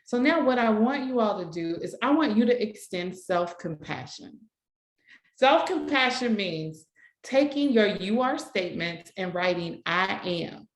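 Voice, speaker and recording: A woman leads an online workshop for educators over a video call, encouraging and affirming, with many repeated phrases. Her mid-range voice has lively intonation and a measured pace, and the sound is reverberant.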